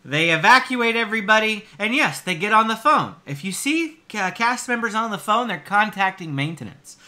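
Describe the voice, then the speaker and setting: A man's voice: high voice, animated, normal speed, sharp tone. A man hosting a theme park channel, reacting to reviews in casual, chatty commentary. He explains at length, with an exasperated edge and plenty of fillers.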